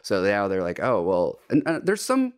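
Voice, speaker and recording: Lively laughing young man on a podcast. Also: on the low side, normal speed, clear, resonant tone. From Los Angeles area. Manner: animated, laughs often, swears freely. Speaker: podcast guest. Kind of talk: casual chat.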